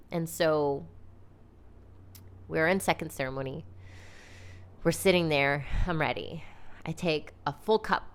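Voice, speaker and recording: A woman hosting a podcast, telling a personal story in a casual, animated, chatty way, full of "like" and "you know". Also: sits low, measured pace, long pauses, smooth. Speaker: podcast host.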